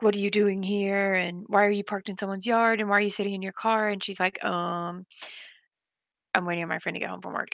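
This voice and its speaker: A woman's voice: mid-range voice, sharp tone, no echo. A woman hosting a casual live stream, chatting and reacting to viewers in a rambling, talkative way. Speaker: livestream host.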